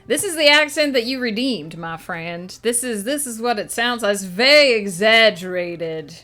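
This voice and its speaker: A woman streamer and writer hams up an exaggerated old-movie American Southern drawl while chatting playfully on a live stream, piling on fillers. Her voice is fairly high, bright, and expressive, moving at a moderate pace with a forceful tone.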